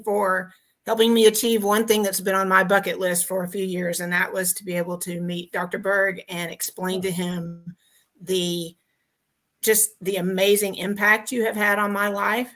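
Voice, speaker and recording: A woman's voice: medium pitch, level tone, moderate pace, gravelly, fairly bright tone. A woman from Texas calling in to a podcast over video, giving a heartfelt, grateful testimonial with many ums and restarts. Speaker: guest caller.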